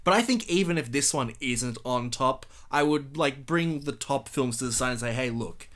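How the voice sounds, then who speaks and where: A man of middle pitch co-hosting a casual film podcast. He talks in a rambling, animated way and paints little scenes to make his point. He swears now and then. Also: normal speed. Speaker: podcast co-host reviewing films. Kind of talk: casual film review chat.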